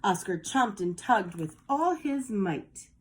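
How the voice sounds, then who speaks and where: A woman reads a children's picture book aloud in an unhurried, deliberate way. Her voice sits at an ordinary middle pitch, and she brightens it for the kids listening at home. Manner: slow, animated read-aloud for kids. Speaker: storyteller.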